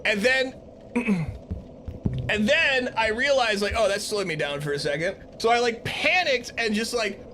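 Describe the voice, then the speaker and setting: A man's voice: very high voice, slight background noise. A man live-streaming a game who shrieks and laughs at his own blunders, swears freely and mocks himself while explaining what went wrong, into a streaming mic. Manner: self-mocking, explains himself at length. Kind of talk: live gaming stream commentary. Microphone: streaming mic with compressor.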